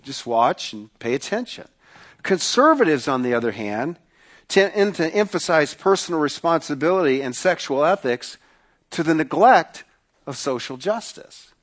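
A male pastor preaching a sermon, emphatic, repeating phrases and slowing down to stress points. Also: fairly high pitch, very animated.

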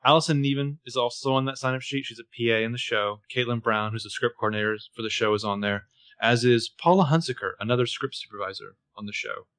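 A man's voice: mid-range voice, fast talker, a bit bright, no room sound. A man co-hosting a casual podcast, narrating the plot of an episode with wry jokes. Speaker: podcast co-host. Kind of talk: casual recap chat.

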